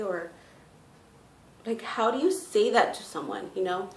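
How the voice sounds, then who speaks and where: A woman's voice: medium pitch, slow, darkish tone. A heavily pregnant woman chatting casually to her viewers, full of "like" and "you know". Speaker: vlogger. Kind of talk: casual storytime. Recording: echoey room with faint noise.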